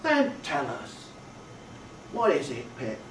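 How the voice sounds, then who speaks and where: A man voicing a kindly, simple village blacksmith who speaks in a slow, drawling country way. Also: medium pitch, wildly swooping pitch, slight background noise. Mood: amazed, coaxing. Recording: roomy, distant, faint ambience.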